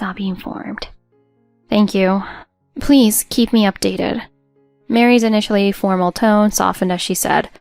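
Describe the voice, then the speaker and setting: A woman's voice: mid-range voice, creaky, no room sound. Woman narrating a solemn story. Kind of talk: scripted narration.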